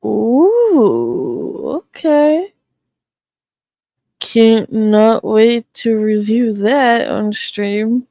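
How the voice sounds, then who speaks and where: Woman streamer from the boston area, slow easy talk, mellow voice, swears a lot, dull lo-fi audio. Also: fairly high pitch, very animated, gravelly, no room sound. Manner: blunt, swears freely. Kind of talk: casual live-stream chat.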